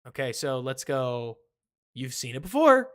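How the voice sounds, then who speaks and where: A man's voice: medium pitch, very animated, measured pace. A man, hosting a casual live football stream, rambling, answering viewers by name.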